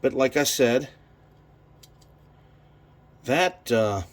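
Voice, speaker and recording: A man's voice: mid-range voice, expressive, drawn-out words, a little hiss or hum. A man in his garage talking through a carburetor rebuild, rambling and swearing freely as he works. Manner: profane, rambling, thinks aloud. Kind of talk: casual workshop how-to.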